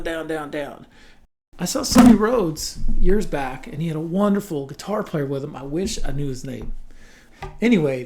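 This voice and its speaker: A man teaching a casual guitar lesson in a relaxed, chatty way, scatting rhythms aloud between explanations. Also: on the high side, a little hiss or hum. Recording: loud guitar under the voice. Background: guitar playing.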